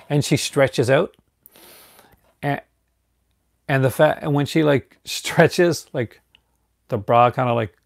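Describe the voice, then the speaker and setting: A man's voice: mid-range voice, creaky. A man from Newfoundland, Canada, chatting casually on a live stream and rambling through restarts and fillers.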